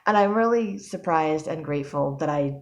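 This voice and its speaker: A woman's voice: low voice, animated, moderate pace. A young adult woman talking casually in a personal vlog, rambling with frequent ums and restarts. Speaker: vlogger.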